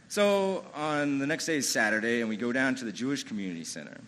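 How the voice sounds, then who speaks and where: A man's voice: mid-range voice, lively intonation, fast, hardly any pauses, a bit bright, a little hiss or hum, low-quality recording. A man telling a true-feeling personal story live on a ballroom stage, in a conversational way with lots of "you know" and "like". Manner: amused, chuckles through the telling.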